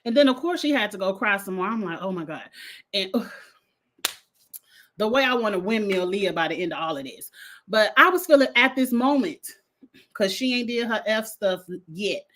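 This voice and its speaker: A young adult woman giving a blunt, animated reality TV review in casual vlog style, swearing freely. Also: mid-range voice, normal speed.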